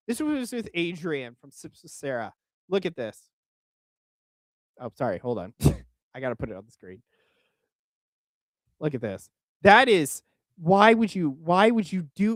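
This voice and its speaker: A man's voice: high-pitched, sing-song, unhurried, long pauses, dry recording. A young man from Oklahoma streams his reaction to a video. His voice swoops all over as he talks in a crude, exasperated way and stumbles over restarts. The sound is dry and close. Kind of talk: casual reaction commentary.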